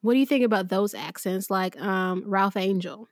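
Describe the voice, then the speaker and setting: A woman co-hosts a podcast movie review in a casual chat, with a mid-range voice. She answers in quick asides, says mm-hmm a lot, and laughs easily. The sound is dry, with the mic up close. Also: medium pitch, no room sound. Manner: quick reactions, frequent mm-hmms and laughs. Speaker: podcast co-host.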